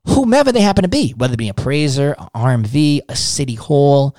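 A man's voice: medium pitch, animated, quick pace, darkish tone, no room sound, clean studio sound. A man coaching on sales in blunt, profane casual talk, acting out little dialogues as he tells stories. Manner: blunt, swearing, acts out dialogues. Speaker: sales trainer.

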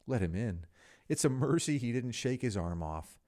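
A man narrating a classic story as a podcast host, expressive with wry asides. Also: mid-range voice, normal speed.

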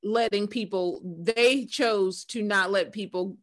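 A woman's voice: medium pitch, slow pace. Woman host giving her opinions. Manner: opinionated, sums up and draws conclusions. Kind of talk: conversational commentary.

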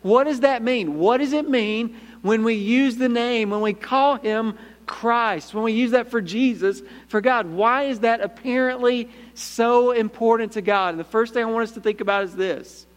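High-pitched guy pastor giving a sermon, emphatic, asks for amens, echoey church hall. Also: normal speed. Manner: emphatic, calls out for "Amen?", swings between punchy lines and hushed low asides.

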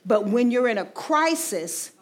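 A woman's voice: a little high, animated, unhurried. A woman in her forties giving a personal faith testimony in a conversational, storytelling way, often saying "you know". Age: 40s. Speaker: ministry team speaker.

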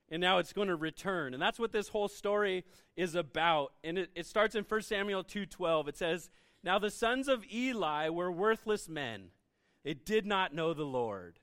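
A man's voice: sits high, expressive, normal speed, a bit bright. A young man preaching a conversational sermon, asking the audience questions as he goes. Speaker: pastor.

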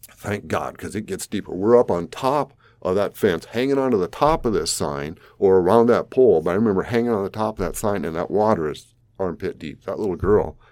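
A man's voice: low-pitched, darkish tone, dry recording. A man in his sixties from South Dakota, telling a vivid personal story with an occasional chuckle. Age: 60s. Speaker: flood survivor interviewee.

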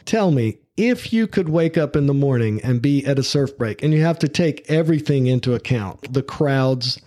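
A man's voice: medium pitch, lively intonation, normal speed, warm tone, no echo. Southern man hosting a podcast. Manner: friendly, chatty, with laughs. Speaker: podcast host. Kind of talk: casual podcast interview.

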